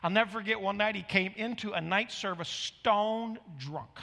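A middle-aged pastor preaching with animated, emphatic storytelling. His voice is high and bright. It carries a long reverb from a large hall. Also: normal speed, gravelly. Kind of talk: sermon storytelling.

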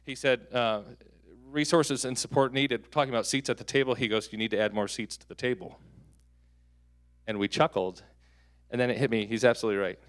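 A man in his thirties preaching a sermon as a pastor. He tells stories with jokes and breaks into sudden loud peaks. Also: medium pitch, brisk. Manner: animated, joking storyteller with sudden loud peaks. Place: church hall.

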